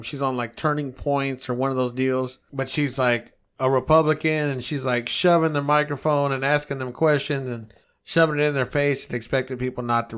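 A man's voice: fairly high pitch, a bit bright. Heated, profane man ranting on a podcast. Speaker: podcast co-host. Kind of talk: casual podcast rant.

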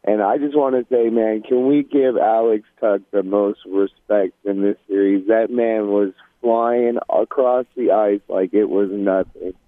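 An eager male fan calling in to sports radio, talking loosely and warmly about his team. His voice sits a bit low and comes through thin and dry, like a phone call. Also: dry recording. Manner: casual, enthusiastic fan talk. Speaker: caller. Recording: phone line.

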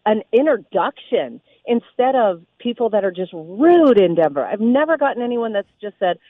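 A woman, a radio DJ, calling in to a sports radio show and telling stories with emphatic, animated delivery. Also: mid-range voice, moderate pace, dry recording. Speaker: radio DJ guest. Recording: tinny phone line.

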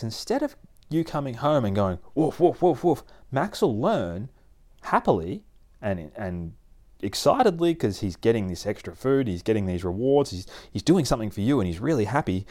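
A man explaining dog training in a casual, animated way, often laughing and acting out his dog. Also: mid-range voice. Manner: animated, acts out dogs and people in playful voices, laughs often. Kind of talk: casual instructional talk.

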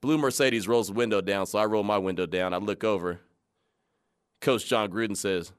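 A man hosting a radio show, telling a story in a casual, animated way, laughing and acting out the people he quotes. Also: on the low side, fairly quick, clean tone. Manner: animated, laughing, retells scenes in quoted voices.

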